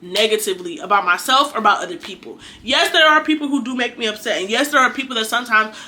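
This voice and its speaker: Bright-voiced young woman preaching casually. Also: fairly high pitch, fast talker, slight background noise. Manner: earnest, exhorting, chatty. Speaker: faith vlogger.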